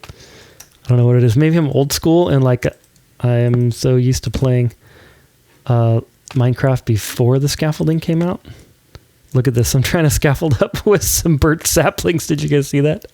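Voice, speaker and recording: A man's voice: medium pitch, moderate pace, warm tone, dry recording. A man hosting a let's play, chatting casually and giggling while he builds. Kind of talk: casual gameplay commentary.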